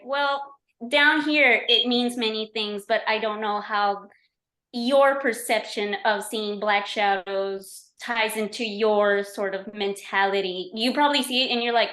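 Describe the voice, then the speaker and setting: A woman's voice: mid-range voice, steady tone, moderate pace, fairly bright tone. A woman who is a podcast guest, chatting casually and explaining with lots of "like" and "you know". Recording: roomy, echoey remote recording.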